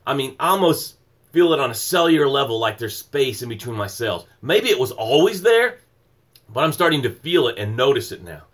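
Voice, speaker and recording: A middle-aged man hosts a morning motivational livestream. He builds his points through emphatic, repetitive phrasing in a preaching rhythm. His voice sits at an ordinary mid pitch. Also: very animated, brisk, fairly bright tone. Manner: greets viewers by name mid-flow.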